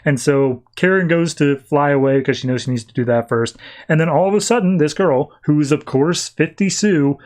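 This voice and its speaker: A man's voice: a little high, normal speed, hardly any pauses, darkish tone. A man hosting a podcast, recapping comics in a loose, chatty way that is full of "like". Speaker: podcast host.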